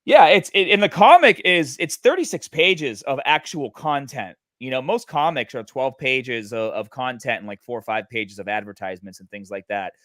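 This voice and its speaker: A man in casual livestream chat, pitching his project with many fillers and restarts. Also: animated, normal speed, few pauses, a bit bright, no echo. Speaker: guest, NFT project creator.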